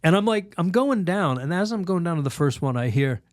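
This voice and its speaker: Animated storytelling man, dry close sound. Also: on the high side, no room sound. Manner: animated, laughs often, acts out quoted voices; halting restarts and fillers. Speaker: priest guest. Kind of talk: storytelling in a podcast interview.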